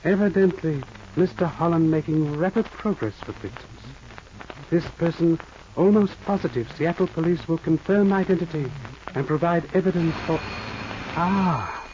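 An actor playing a calm, shrewd detective who speaks in clipped, formal broken English in a 1940s radio drama. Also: male voice, on the high side, moderate pace, close to an everyday voice. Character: shrewd aphorism-quoting Chinese detective, calm. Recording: muffled old radio recording, faint hiss.

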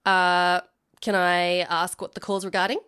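A woman's voice: lowish voice, flat delivery, a little slow, bright, forceful tone, clean tone. A woman voicing a friendly male secretary answering the office phone in a cheerful, casual tone.

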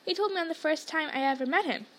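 A young schoolboy wizard, polite and curious, as a woman voices him. He asks questions plainly. His voice sits high. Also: fast talker, a bit bright.

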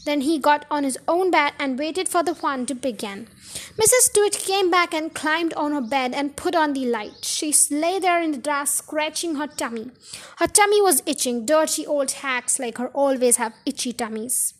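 High-voiced woman reading a storybook. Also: normal speed. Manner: chatty, with asides and self-corrections. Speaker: podcast story reader. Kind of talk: reading a children's book aloud.

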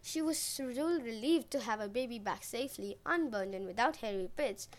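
A woman's voice: a little high, lively intonation, moderate pace. A woman podcast host retelling a myth in a playful, wry way.

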